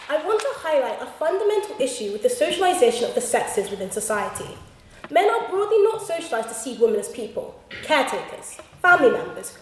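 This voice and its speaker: A woman's voice: high voice, a little mellow. A young woman giving a humorous debate speech with punchy, theatrical comic delivery. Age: young adult. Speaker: student debater. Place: debating chamber. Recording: echoey hall from far off.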